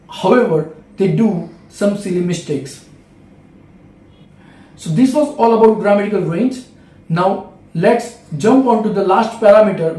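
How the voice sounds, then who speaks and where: A man's voice: high-pitched, mellow, echoey room, far from the mic, rough recording. A man with an Indian English accent giving a step-by-step video lesson as an English exam tutor, repeating key phrases.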